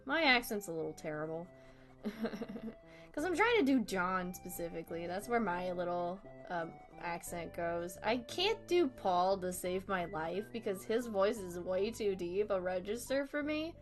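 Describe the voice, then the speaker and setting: Woman streaming herself drawing, rambly and laughing at herself, mid pitch, quiet music in the background. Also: lively intonation, moderate pace. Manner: giggly, rambling, self-deprecating. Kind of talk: casual livestream chat.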